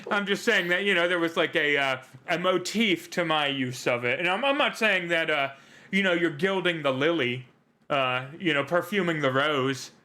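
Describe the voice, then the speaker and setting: Bright-voiced joking male game master. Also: a little high, normal speed. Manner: joking, rambling with fillers. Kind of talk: livestream tabletop game hosting.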